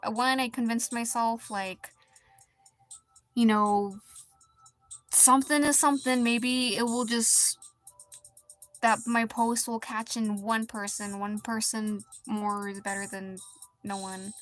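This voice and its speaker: A woman streaming as an artist, chatting casually while she draws, in a halting, rambling and quietly deflated way. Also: on the high side, steady tone, soft background music. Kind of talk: casual chat while drawing.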